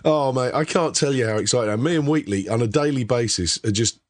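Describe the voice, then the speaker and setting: A hoarse man hosting a casual podcast panel, chatty and self-mocking. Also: mid-range voice, quick pace, slight background noise. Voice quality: husky. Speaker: podcast host.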